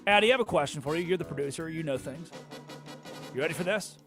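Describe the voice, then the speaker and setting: A man hosting a sports talk show, ranting in a mocking tone that swings between loud and soft, fast and slow. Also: a little high, faint music behind. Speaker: sports radio host.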